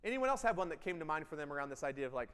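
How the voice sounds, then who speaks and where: A man delivering a keynote to a room of listeners, talking quickly in a voice pitched a bit high. He pushes hard on key lines and then drops to quiet intensity. The sound carries a long reverb from a large hall. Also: sing-song, clear, resonant tone. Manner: emphatic, swings between loud bursts and quiet intensity. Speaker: keynote speaker. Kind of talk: energetic keynote speech with audience interaction. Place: event hall.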